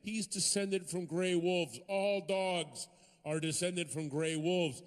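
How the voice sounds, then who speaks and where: A man performing stand-up comedy, telling stories with animated swings and sudden shouted punchlines. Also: high voice, slow pace. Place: comedy stage before a live audience.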